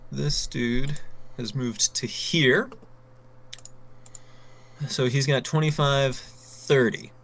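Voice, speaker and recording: A man's voice: medium pitch, steady tone, very slow, creaky, long pauses, fairly bright tone, a little hiss or hum. A man narrating as game master, thinking aloud with frequent ums and counting out moves.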